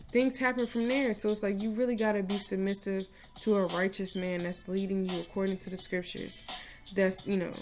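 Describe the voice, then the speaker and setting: A woman giving casual devotional advice to her followers, earnest and rambling, with many "you know" asides, and reciting a prayer. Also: mid-range voice. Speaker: religious vlogger giving advice to women.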